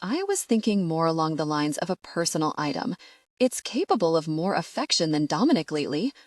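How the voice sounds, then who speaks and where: Woman voicing a soft, hesitant young wife. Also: low voice, big pitch swings, a little fast, dry recording, clean studio sound. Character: shy, gentle young wife, woman, sad.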